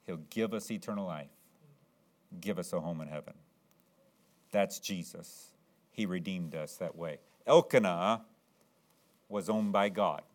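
A man preaching a sermon, telling an illustration story in an earnest, conversational way and rising sharply in pitch at excited moments.

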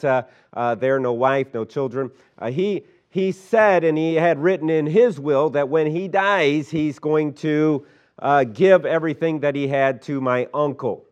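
A man's voice: a little high, a little mellow, clean tone, dull audio. A middle-aged male pastor telling a folksy story in a sermon, rambling with lots of fillers and restarts.

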